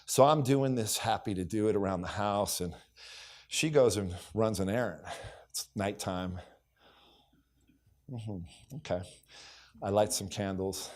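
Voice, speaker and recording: A man's voice: fairly low pitch, measured pace, long pauses, a little mellow. Middle-aged man telling stage stories. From United States. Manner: storytelling, acts out dialogue, repeats catchphrases. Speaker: keynote speaker. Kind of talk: motivational keynote speech. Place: conference hall stage.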